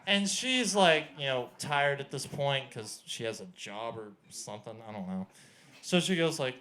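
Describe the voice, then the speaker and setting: Deadpan stand-up comic, a man. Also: mid-range voice, moderate pace. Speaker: stand-up comedian. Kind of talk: stand-up set. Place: small comedy venue.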